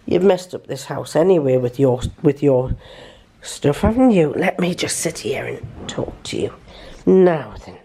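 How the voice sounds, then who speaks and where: Older woman vlogger, low lively voice, casual chatty home delivery. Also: a little slow, creaky, husky. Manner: chatty, laughing often, coos to her cat in a high voice. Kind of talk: casual home vlog chat.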